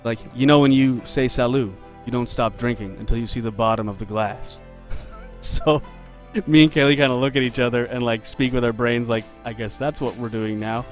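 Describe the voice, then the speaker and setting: A man's voice: mid-range voice, fairly even intonation, brisk, faint music behind. Easygoing man chatting on a live stream. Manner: chatty, laughing often, loose restarts. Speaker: game developer and artist streaming live. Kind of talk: casual storytelling while drawing on a live stream.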